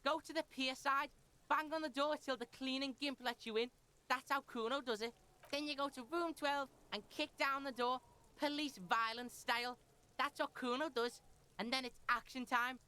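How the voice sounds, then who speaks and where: A woman's voice: high voice, fairly even intonation, moderate pace, pushed and bright, clear, resonant tone. A woman voicing a foul-mouthed, brash young boy with a Liverpool accent in a video game, who talks about himself in the third person.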